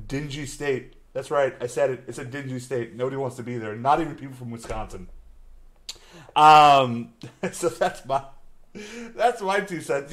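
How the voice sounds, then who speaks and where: A man co-hosting a live-stream sports show, rambling casually, teasing, laughing often and filling pauses with "um". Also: medium pitch. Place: lives in Austin, Texas.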